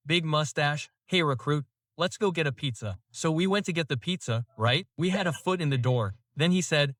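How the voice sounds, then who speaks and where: A man's voice: on the high side, a bit bright, dry recording, studio quality, far from the mic. A man, a police officer, telling casual stories from his work, tagging lines with "man" and "you know" and laughing at his own tales. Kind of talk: casual anecdotal storytelling.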